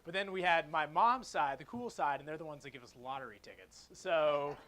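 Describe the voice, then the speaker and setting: A man's voice: fairly high pitch, fairly quick, sharp tone. A man co-hosting a live comedy talk show, telling rambling jokey stories with lots of fillers. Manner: rambling, joking storyteller with filler words.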